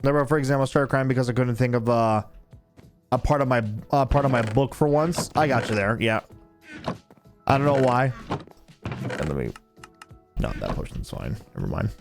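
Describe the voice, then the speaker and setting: A man's voice: medium pitch, big pitch swings, moderate pace, gravelly, pauses often, music in the background. A young man streaming a game, chatting casually and rambling with heavy swearing. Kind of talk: casual chat while gaming.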